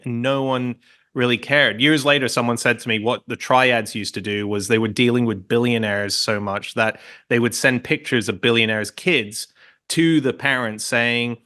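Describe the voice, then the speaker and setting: A man in his late thirties from Hong Kong talks as a guest on an interview show. He tells long, looping stories in an easy, casual way. He often cuts himself off mid-thought and starts again, at a middling pitch. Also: a bit bright. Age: late 30s. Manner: rambling, self-interrupting storyteller. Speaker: podcast guest.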